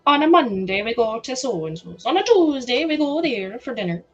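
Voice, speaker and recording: Lady putting on an old hound dog voice, slow drawl, folksy, kinda high. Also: big pitch swings, dull audio. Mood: reminiscing.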